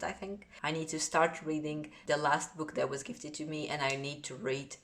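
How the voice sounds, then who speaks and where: Low-voiced Portuguese woman vlogging. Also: fairly even intonation, moderate pace, few pauses, a bit bright. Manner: earnest and chatty, often trailing off. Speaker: book vlogger. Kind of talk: casual vlog talk to camera. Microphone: phone or camera on a tripod.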